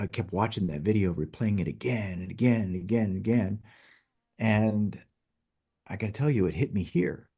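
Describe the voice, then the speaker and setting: A man in his fifties talks in an earnest, storytelling way, coaching the listener toward a fresh start. His voice sits low and has a husky edge. He often turns to address the listener directly. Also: warm tone. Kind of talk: motivational talk.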